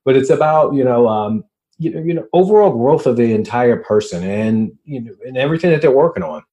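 A man from Richmond, Virginia with a slight Virginia drawl, a coach talking in a chatty, animated way as a podcast guest on a remote call. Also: mid-range voice, fast talker. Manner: animated, chatty, many fillers and restarts. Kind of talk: casual podcast interview.

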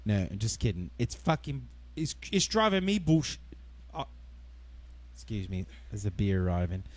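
A man's voice: on the low side, very animated, moderate pace. A man, a musician guest on a livestream, chatting casually with dry jokes. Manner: joking, dry, dad-joke humor.

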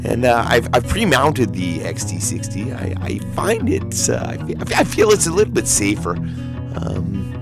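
A man calmly explaining a DIY build, easygoing and a bit hesitant, stumbling over tricky words. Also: mid-range voice, moderate pace, creaky, music in the background. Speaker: DIY maker. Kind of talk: casual how-to narration.

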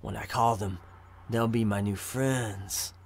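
A man's voice: on the low side, steady tone, slow pace, gravelly, a little hiss or hum. A man voicing a gleeful, giggling old male necromancer locked in a prison cell, talking in a sly, gloating way.

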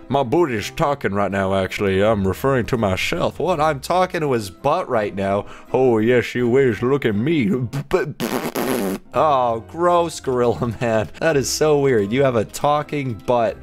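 Young male gamer host, playful, quick pitch jumps, light music bed behind him. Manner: playful, excitable, quick jumps in pitch, mock voices of friends. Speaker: gaming YouTuber. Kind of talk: playing a game while commenting. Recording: faint background music.

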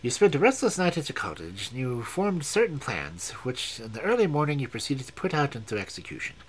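A man reading aloud and voicing a cold, commanding male detective in a measured, stern, precise way with a husky tone. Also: mid-range voice, big pitch swings, a little hiss or hum, natural voice, low-quality recording.

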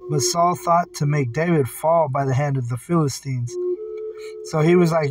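A man with a slightly high voice gives a casual Bible study. He reads verses aloud and then comments bluntly, with swearing. He sounds distant from the mic, with clear singing bowl music behind him. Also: normal speed. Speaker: Bible teacher.

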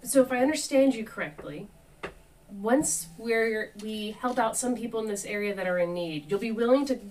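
A woman plays a practical, diplomatic adventurer in a tabletop game. She speaks calmly and politely as she reasons things out. The mic sits at a distance, with a faint hiss behind. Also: fairly high pitch, moderate pace, lightly acted.

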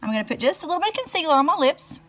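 Rapid-fire and high-pitched with big pitch swings, a middle-aged beauty vlogger chats casually during her lipstick-swatch live stream. She speaks with a Southern American accent and greets viewers by name.

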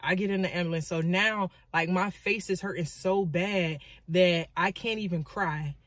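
Woman, animated storyteller, dramatic asides, dry close sound. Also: lowish voice, moderate pace, no room sound. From Florida, US. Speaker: vlogger and motivational speaker. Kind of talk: storytelling vlog.

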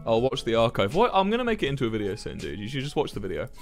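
A young man chats loosely with his stream audience from a home setup, swearing freely and often restarting his sentences. His voice sits at an ordinary middle pitch. Soft music plays faintly in the background. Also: huge pitch swings, rapid-fire. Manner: laid-back, swears freely, rambling with restarts. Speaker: livestreamer. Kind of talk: casual chat with viewers while gaming.

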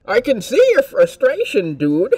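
A man putting on a ranting male online troll, read out slowly in a mocking, sing-song way. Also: sits high, wildly swooping pitch, a little mellow, husky, no room sound, pitched above the performer's own voice, full character voice.

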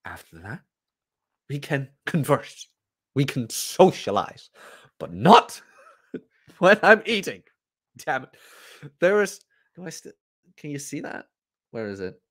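A man's voice: medium pitch, sing-song, slow, pauses often, a bit bright. A man hosting a podcast, ranting bluntly and profanely in a casual livestream. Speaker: podcast host.

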